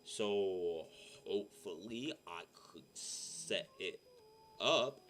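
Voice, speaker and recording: A young man, a streamer, chatting casually and rambling with lots of fillers in a deep voice. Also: animated, very slow, fairly bright tone. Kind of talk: casual chat. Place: home room. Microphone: desk mic.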